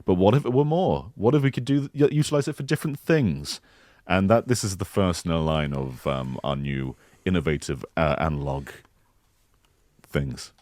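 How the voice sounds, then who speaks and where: A man co-hosting a podcast, playfully improvising a mock game pitch in casual chat. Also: animated, darkish tone, dry recording, studio quality. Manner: playful, joking improv pitch with quick voice switches.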